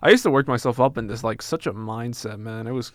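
A man's voice: medium pitch, fast, fairly bright tone, no room sound, clean studio sound. A young man in casual chat, rambling through a story with many fillers.

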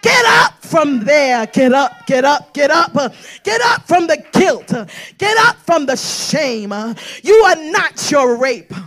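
A woman preaching a prophetic sermon, shouting and sing-songing her lines with "uh" between phrases and calling her listeners "sis" and "girl". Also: sits high, sing-song, slow. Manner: shouting, sing-song preaching with breathy "uh" fillers; exhorting women as "sis" and "girl".

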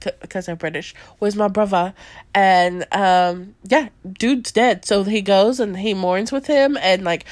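A young woman chats about movies on her podcast, her voice sitting a little high. She talks in an animated, rambling way, full of fillers and quick laughs. The sound is dry and close, with no room around it. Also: dry recording. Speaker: podcast host. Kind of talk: casual chat reviewing movies.

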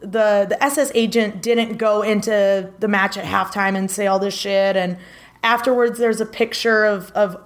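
A woman co-hosting a casual podcast tells a story in a rambling way, packed with filler words. Her voice is medium-pitched and steady, at a moderate pace.

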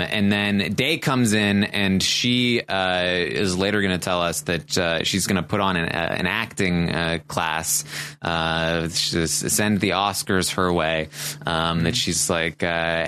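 A man's voice: sits low, measured pace, clean tone. A man hosting a podcast, recapping events in an easygoing chat, with lots of fillers and restarts. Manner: animated storytelling with many fillers and restarts. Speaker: podcast host.

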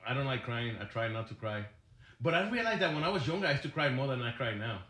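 A man in his thirties chatting casually as a podcast co-host, animated and acting out quotes. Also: medium pitch, fast, reverberant. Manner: animated, acts out quotes in put-on voices. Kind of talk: casual chat.

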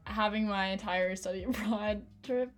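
A young woman in a relaxed podcast chat, speaking at a middle pitch and often breaking into laughter. She pokes fun at herself in a chatty way. Faint music plays in the background. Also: normal speed. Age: young adult. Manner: laughs often, self-deprecating. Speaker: podcast co-host. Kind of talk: casual chat. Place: own room.

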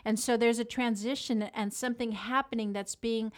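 A woman hosting a casual faith podcast, reading scripture aloud and talking it over earnestly with pauses and fillers. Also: on the high side, steady tone. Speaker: podcast host.

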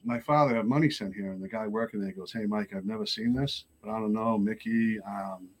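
This podcast guest, from Lowell, Massachusetts, speaks a little fast in a husky voice as he bluntly and animatedly describes his recovery in a casual chat, voicing the people in his story.

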